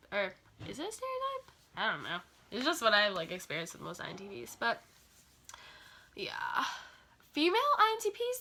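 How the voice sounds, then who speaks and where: Female vlogger, scattered self-deprecating monologue, bright voice. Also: medium pitch. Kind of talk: rambling casual monologue.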